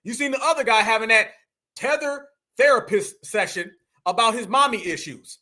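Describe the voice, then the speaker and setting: Speaking at normal speed in a very high, pushed, bright voice, a man from the United States hosts reaction commentary. He has an African American English accent, preaches bluntly, and refers to viewers as family.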